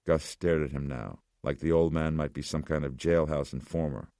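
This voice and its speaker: A man narrating an audiobook in a steady, dark, deliberate manner. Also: rumbling low, smooth, no room sound, clean studio sound. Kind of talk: scripted narration.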